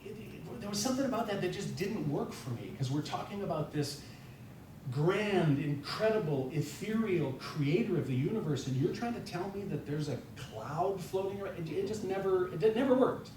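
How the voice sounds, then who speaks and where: A man's voice: animated, normal speed, a little mellow. A man from North Dakota giving a chatty, self-deprecating guest sermon, full of fillers and restarts. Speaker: guest speaker. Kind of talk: informal sermon talk. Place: church sanctuary. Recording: echoey church hall, distant mic, faint rumble.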